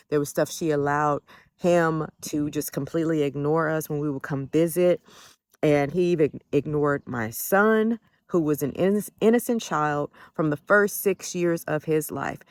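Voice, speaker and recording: A woman's voice: deep voice, no echo, studio quality. A woman telling a personal family story, candid and emotional, swearing freely as she gets indignant. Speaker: adult child recounting family conflict.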